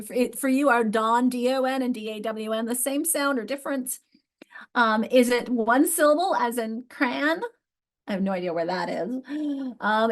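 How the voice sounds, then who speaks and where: A woman with a New York accent leads an online class over a video call. Her voice sits a little high, and her talk is friendly and chatty, with frequent restarts. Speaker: literacy instructor. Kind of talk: online teaching session.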